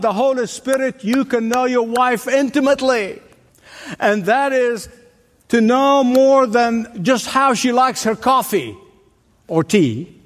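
An older male pastor preaches slowly and deliberately, his voice pitched fairly high for a man. He hammers home points with repetition and rhetorical questions. A long church-hall reverb trails every phrase. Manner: emphatic, repeats key phrases, asks the audience rhetorical questions. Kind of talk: sermon. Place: church sanctuary before a congregation.

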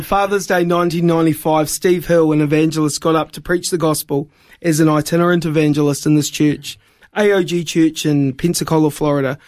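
A man, a guest telling a funny personal story in an animated, self-mocking way. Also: fairly high pitch. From New Zealand. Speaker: evangelist guest.

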